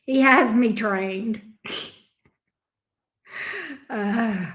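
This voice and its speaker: A woman's voice: a little high, extremely slow, fairly bright tone. A middle-aged woman, chatting playfully with her viewers as a tarot reader and laughing often. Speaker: tarot reader hosting a livestream. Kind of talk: casual chat with viewers.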